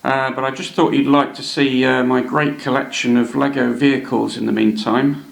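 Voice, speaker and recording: Man, hobby channel host, gravelly voice, hesitant chatty narration, roomy echo. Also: medium pitch, flat delivery, normal speed. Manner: chatty, hesitant, many ums and uhs. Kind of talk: casual show-and-tell narration. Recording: echoey room.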